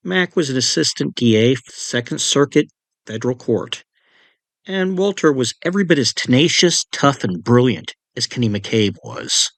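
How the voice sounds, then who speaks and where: Male true crime narrator, chatty asides, mid-pitched voice, dry close sound. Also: gravelly, no echo. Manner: conversational, with personal asides. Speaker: narrator and author.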